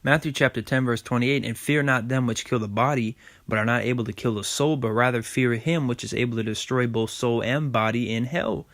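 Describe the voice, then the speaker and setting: Speaking fairly quickly with few pauses, this preacher has a steady, mid-range, slightly bright voice. His sermon is informal; he stumbles as he reads scripture and keeps asking "okay?" and saying "man" after every point.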